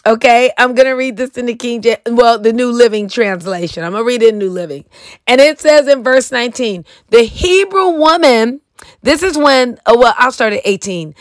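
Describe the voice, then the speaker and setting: A woman's voice: fairly high pitch, moderate pace, no echo. A middle-aged woman preaching on a podcast, reading scripture and urging listeners with "listen to me.". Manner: earnest, repeats "listen to me" and "okay".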